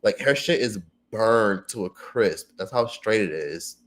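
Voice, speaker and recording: Excitable, foul-mouthed man hosting a livestream. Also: measured pace. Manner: profane, excitable, swings from loud bursts to low mutters. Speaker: livestream host. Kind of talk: casual livestream chat, reading viewer comments.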